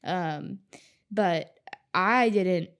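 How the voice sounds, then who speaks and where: A woman talking as a podcast guest in casual chat, telling her story in an animated way, swearing freely and laughing often. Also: fairly low pitch, very slow, clean tone.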